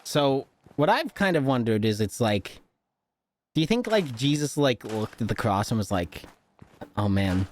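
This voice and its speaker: Animated, laughing young male streamer. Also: mid-range voice, normal speed, a little hiss or hum. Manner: joking, rambling, swears often, laughs a lot. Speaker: live streamer. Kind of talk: casual live-stream chat.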